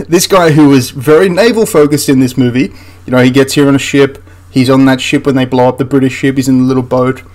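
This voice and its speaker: A man's voice: medium pitch, steady tone, a little fast, darkish tone. A man hosting a history channel, ranting through a film critique in an exasperated, rambling way with frequent restarts.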